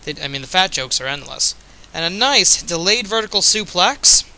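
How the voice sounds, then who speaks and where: A man's voice: high voice, sing-song, normal speed, vocal fry, bright, forceful tone, rough recording. A man giving casual, jokey play-by-play commentary in an offhand, chatty way, a bit tipsy.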